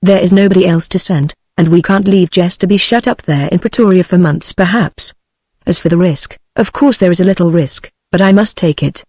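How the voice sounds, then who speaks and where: A woman's voice: fairly low pitch, a little fast, a little mellow, dry recording, studio quality, natural voice. A text-to-speech woman's voice with a British accent, voicing a young English officer in a novel, practical and reassuring.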